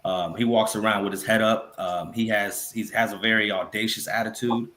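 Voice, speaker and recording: A man's voice: on the low side, fairly even intonation, normal speed, a bit bright. A man calling into a chat show, ranting in slang and piling up opinions. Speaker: caller. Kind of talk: casual chat.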